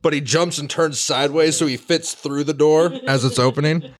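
A man chatting casually as a player in a tabletop game, animated and quick to joke. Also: fairly high pitch, dry recording, studio quality.

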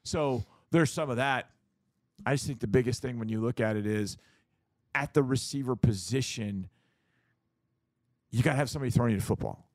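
Middle-aged man, sports talk co-host, casual debate, animated, dry close sound. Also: mid-range voice, moderate pace, pauses often, no echo. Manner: animated, acts out quoted voices, repeats words.

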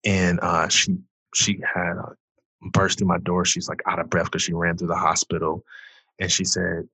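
Deep husky guy from detroit telling his testimony, dry close sound. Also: monotone, normal speed, sharp tone, no room sound. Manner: earnest storyteller, rises when reliving the moment. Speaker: pastor and guest. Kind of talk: emotional personal testimony.

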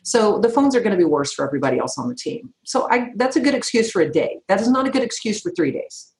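A woman's voice: medium pitch, sing-song, fast talker, a little mellow. A middle-aged woman who owns an insurance agency, talking firmly and directly in an interview. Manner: firm, emphatic, direct. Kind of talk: conversational interview answers. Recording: roomy echo.

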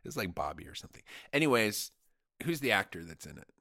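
A man's voice: fairly low pitch, very animated, quick pace, gravelly, bright, forceful tone, dry recording, clean studio sound. A man co-hosting a comedic podcast, talking in an insistent, jokey way. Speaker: podcast co-host.

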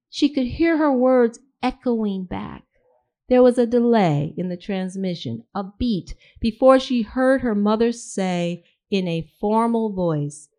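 A woman reading a literary story aloud in a measured, steady way. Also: mid-range voice. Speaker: reader.

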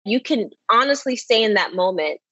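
A woman guest giving measured, advisory explanations on a podcast. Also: medium pitch, animated, pushed and bright, no room sound, dull audio. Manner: measured, advisory, clear points. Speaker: expert guest.

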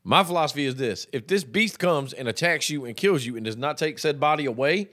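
A man's voice: fairly high pitch, lively intonation, a little fast, a bit bright. A young man co-hosting a podcast, joking and swearing in slangy casual chat. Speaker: podcast co-host.

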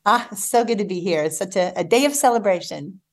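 An enthusiastic woman speaks as a guest on a morning radio show. She talks about her writing in a warm, lively way and laughs often. Her voice sits at a middle pitch. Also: fast. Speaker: guest novelist. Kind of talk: casual radio interview chat.

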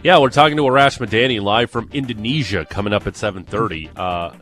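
Deep-ish guy hosting morning sports radio, easygoing chat, a little music under him. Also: quick pace, fairly bright tone. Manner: upbeat, reads promos and previews.

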